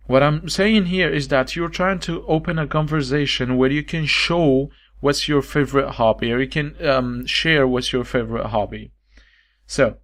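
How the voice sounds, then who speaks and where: A man teaching a recorded online lesson, talking in a halting way with many fillers and repeating words slowly for learners. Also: mid-range voice. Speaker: language teacher.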